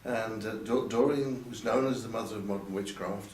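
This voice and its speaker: A man's voice: lowish voice, normal speed, darkish tone, a little hiss or hum. An older man recalling his past in a candid interview, hesitant and repeating words as he goes. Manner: hesitant, repeats words, quotes others in a lifted voice. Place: event venue. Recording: roomy sound from a distant mic, faint ambience.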